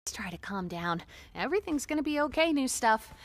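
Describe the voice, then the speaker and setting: A woman voicing a kind ragdoll woman in an animated series, soothing and reassuring. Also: a little high, a little fast.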